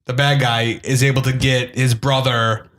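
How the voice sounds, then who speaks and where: A man's voice: medium pitch, flat delivery, moderate pace, a bit bright. A man co-hosting a casual movie review podcast, rambling through scenes and acting out lines in funny voices. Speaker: podcast co-host.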